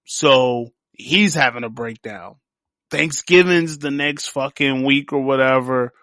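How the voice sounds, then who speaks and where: A man hosting a podcast, giving a casual solo review of a TV series, telling it as an animated, profane story. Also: medium pitch, slow, dry recording, clean studio sound. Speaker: podcast host.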